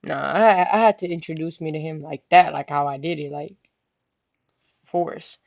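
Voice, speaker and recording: A woman's voice: deep voice, normal speed, creaky, darkish tone, highs cut off. A young woman vlogger telling a story casually, profane and rambling, often asking "you know what I'm saying". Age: young adult.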